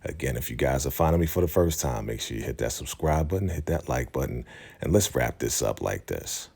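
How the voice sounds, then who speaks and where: A man hosting his channel, giving a casual, animated, slangy recap of a TV episode. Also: rumbling low, fairly quick, vocal fry, slightly rough. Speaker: channel host.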